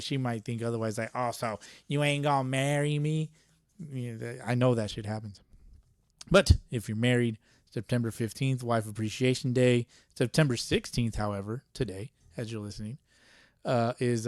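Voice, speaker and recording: A young man hosts his own podcast alone, rambling through a casual rant full of swearing and quick laughs. He sounds a little buzzed, his voice sits in an ordinary middle pitch, and the recording is dry and close. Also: a little mellow, no echo. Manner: profane, rambling, laughs often. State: a little tipsy. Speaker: podcast host.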